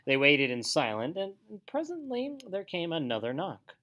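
Animated man reading aloud. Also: a little high, measured pace. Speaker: teacher.

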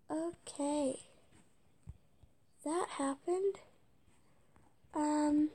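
A woman playing a video game, reading its text aloud haltingly and muttering whispered asides between stumbles. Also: high voice, steady tone, creaky, mellow. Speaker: let's-play gamer.

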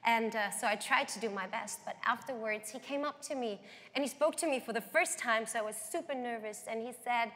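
A woman's voice: on the high side, a little fast, a bit bright. A young woman, a guest singer, telling her life story earnestly in an interview. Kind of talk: interview testimony. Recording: long hall reverb.

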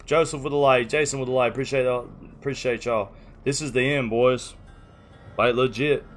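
Flustered man streaming live. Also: mid-range voice. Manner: rambling, flustered, apologetic. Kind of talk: casual live-stream chat.

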